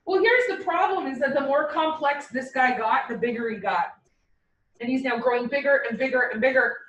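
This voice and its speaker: Speaking fairly quickly in a high voice, a woman lively jokes with her students while dramatizing a biology lecture on cells. The echoey classroom recording has the mic placed far from her, and there's slight background noise.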